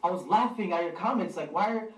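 Male vlogger, high pitch, heard from a distance in an echoey room; defensive, exasperated. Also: quick pace. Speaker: YouTuber. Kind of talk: casual vlog talk. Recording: roomy sound from a distance.

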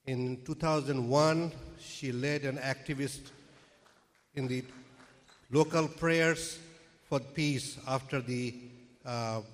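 Man giving a measured podium speech at a dinner, halting delivery, booming hall echo. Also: steady tone. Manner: slow, halting delivery broken into short phrases. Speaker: founder of an interfaith group presenting an award. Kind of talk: formal speech at a dinner event. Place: banquet hall at an event. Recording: long reverb in a large hall.

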